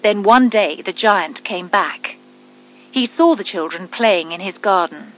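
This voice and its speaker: Unhurried woman reading a storybook. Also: mid-range voice, poor audio. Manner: calm, deliberate, clearly spaced reading. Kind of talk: reading a children's story aloud.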